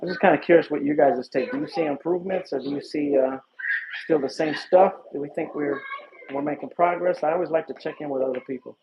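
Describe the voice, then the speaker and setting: Speaking quickly in a slightly high voice, an Illinois police detective chats casually and laughs easily with viewers on a phone livestream outside at night. The stream's audio is dull and lo-fi, with background noise.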